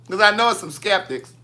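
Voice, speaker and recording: A man's voice: a little high, sharp tone, slight background noise. A man, chatting casually from his home kitchen as a vlogger, playfully answering viewer comments. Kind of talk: casual live chat with viewers.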